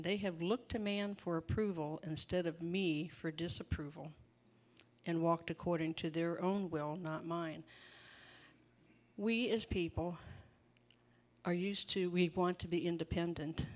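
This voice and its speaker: An older woman with a somewhat low voice delivers a relaxed sermon. She talks in a homey, conversational way, full of asides and easy laughter. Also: measured pace. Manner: chatty, laughing, folksy asides. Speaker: preacher. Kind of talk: informal sermon.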